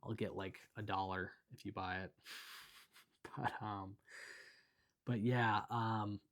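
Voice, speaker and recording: A man's voice: on the low side, steady tone, slow pace, fairly bright tone. A young man chatting casually as he reviews things around his house, rambling with lots of fillers and self-corrections. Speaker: video creator reviewing his belongings. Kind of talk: casual off-the-cuff review chat.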